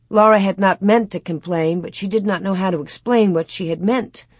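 A woman narrating a storybook as an audiobook, in a measured, clear way. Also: mid-range voice, no echo, studio quality. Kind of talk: audiobook reading.

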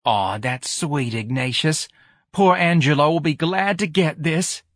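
Man voicing a doting older mother, homely, gushing, raised pitch, storybook reading. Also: measured pace, fairly bright tone, no room sound, studio quality. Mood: fond.

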